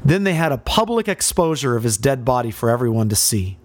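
Dramatic preacher man, lively swings. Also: mid-range voice, brisk, hardly any pauses. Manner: dramatic, rising and falling emphasis, rhetorical questions. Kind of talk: sermon.

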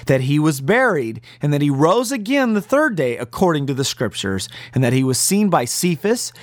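A man delivering an earnest radio sermon in a fairly high voice that rises and falls a great deal. He stresses his key phrases slowly and firmly. The sound is dry and close, with no room around it. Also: no echo. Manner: earnest, emphatic preaching with slow stressed phrases. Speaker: pastor.

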